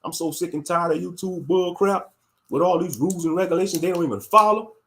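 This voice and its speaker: Man, high-pitched voice, blunt heated rant, commentary. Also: a little fast, fairly bright tone. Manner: blunt, heated, repeats catchphrases. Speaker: YouTube commentator. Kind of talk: ranting commentary.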